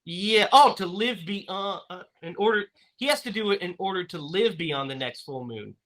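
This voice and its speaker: A podcast host chats casually about movies at a moderate pace, his somewhat high voice carrying a bright, forward quality. He drifts along in loose runs, tripping over restarts and filler words, with easy laughter between his points.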